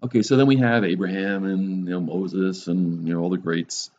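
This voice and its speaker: Low-voiced preacher with wry asides. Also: male voice, steady tone, moderate pace, a little mellow, lo-fi sound, a little hiss or hum. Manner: wry, joking asides with sarcasm. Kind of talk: conversational sermon.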